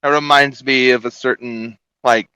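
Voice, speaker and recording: Bright-voiced joking podcast man. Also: mid-range voice, steady tone, normal speed, smooth, no echo, poor audio. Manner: wry, jokey asides, laughs at his own stories. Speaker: podcast co-host. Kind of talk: casual chat.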